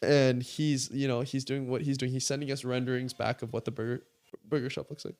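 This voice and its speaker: A man's voice: mid-range voice, a little fast. Chatty man telling a story. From California. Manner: animated, fills speech with "like", acts out quoted dialogue. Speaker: guest creator. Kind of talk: casual storytelling interview.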